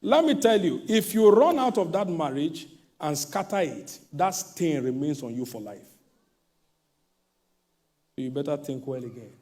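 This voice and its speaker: A middle-aged male pastor preaching a sermon, swinging between mocking quoted voices and sudden shouts. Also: fairly high pitch, lively intonation, measured pace, pauses often.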